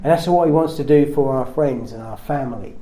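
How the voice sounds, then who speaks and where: A man's voice: a little fast, mellow. A man preaching a sermon in an earnest way, his voice rising at emphatic points. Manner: earnest, rises in pitch and volume at emphatic points.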